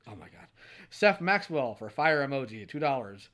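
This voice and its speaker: A man's voice: mid-range voice, very animated, moderate pace, a bit bright. A young adult man hosting a livestream, reading donation messages aloud and answering each with a short, dry quip. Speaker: streamer host.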